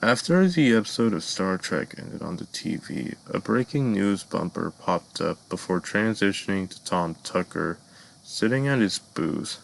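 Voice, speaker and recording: A man narrating a dark fan-made cartoon story in a measured storytelling voice, sometimes addressing the listeners. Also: sits low, big pitch swings, vocal fry, poor audio.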